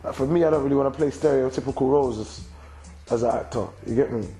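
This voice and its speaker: Heard over faint music in a low-quality recording, this young man from London, a rapper and actor in his twenties, talks fast at a medium pitch. He handles the interview loosely, full of slang and ending sentences with "you get me" again and again.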